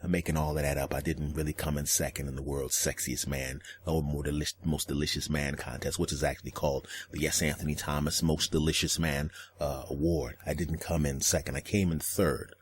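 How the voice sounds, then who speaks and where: A man hosting a solo podcast, telling comic stories and acting out other people's lines with deadpan jokes. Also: rumbling low, brisk, few pauses, a little hiss or hum. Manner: storytelling, acts out voices in quotes, deadpan jokes. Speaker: podcast host. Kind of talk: solo comedic podcast monologue.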